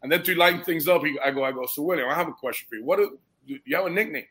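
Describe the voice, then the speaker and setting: Man, animated casual storyteller, bright forceful tone, slightly high voice, says dude and bro. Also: racing, breathy edge. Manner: gets emotionally moved while telling. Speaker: guest, foster parent.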